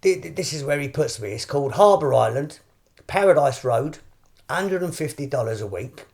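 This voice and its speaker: A gravelly-voiced English man in his fifties sits in as a podcast guest and tells a story. He is animated and keeps circling back, often repeating and restarting his words. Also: fairly high pitch, normal speed. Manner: animated anecdote-telling with frequent repeats and restarts. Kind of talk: casual storytelling.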